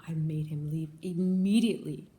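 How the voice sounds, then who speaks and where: A woman's voice: low voice, steady tone, moderate pace, mellow. A woman who manages a bagel shop, telling a story to her viewers in a casual vlog, earnest and repetitive, often calling them guys. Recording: echoey room, faint background noise.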